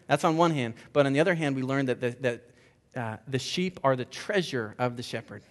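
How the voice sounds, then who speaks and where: High-voiced man preaching a sermon. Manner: conversational, emphatic with repeated words and restarts. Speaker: pastor.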